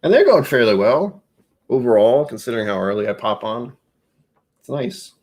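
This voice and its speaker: A man's voice: mid-range voice, very animated, normal speed, a little mellow. A man hosting a casual whiskey livestream, rambling and joking at his own expense. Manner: rambling, self-mocking, jokey. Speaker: live streamer.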